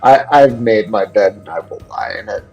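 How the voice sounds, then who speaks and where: Dull-sounding low-voiced player quipping. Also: male voice, lively intonation, normal speed, a little mellow, soft background music. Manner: short quips, laughing. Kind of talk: casual chat.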